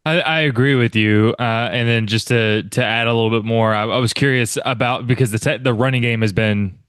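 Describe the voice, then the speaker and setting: Man, podcast host, smooth voice, dry close sound, long rambling questions. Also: mid-range voice, steady tone, fairly quick, fairly bright tone, no room sound. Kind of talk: casual podcast chat.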